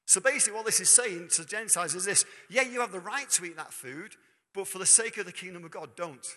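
A man's voice: high-pitched, fast, pushed and bright. A man preaching a sermon in a church, talking conversationally and quizzing the congregation. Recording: long hall reverb.

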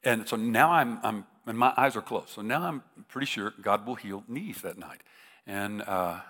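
A man's voice: lowish voice, normal speed, sharp tone. A man, a middle-aged preacher, tells a humorous story in a sermon, talking casually with many restarts. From United States. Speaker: visiting preacher. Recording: reverberant hall.

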